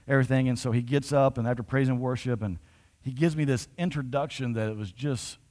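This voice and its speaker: A man's voice: medium pitch, fairly even intonation, a little fast, darkish tone. A man pastor telling a story in a conversational sermon, building to emphatic points.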